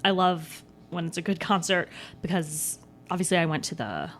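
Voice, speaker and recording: A young woman co-hosting a casual podcast, telling stories animatedly with quick restarts and plenty of swearing. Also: fairly low pitch, expressive, fairly bright tone, slight background noise. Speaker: podcast co-host. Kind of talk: casual chat.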